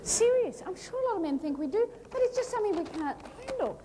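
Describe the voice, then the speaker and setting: A high, lively woman works a big hall from a stage mic, her pitch bouncing all over as she plays out little scenes. There is a faint hum of room ambience behind her. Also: fast. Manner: lively, animated, playful storytelling with acted-out asides. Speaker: motivational speaker. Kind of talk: humorous keynote talk on stage. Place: large hall before a live audience.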